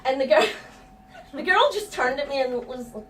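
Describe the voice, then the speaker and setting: Middle-aged woman, live storytelling, frank and profane, higher voice, echoey room from a distance. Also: lively intonation, moderate pace. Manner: frank, profane, laughing at herself. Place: stage before a live audience. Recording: echoey room, distant mic, faint ambience.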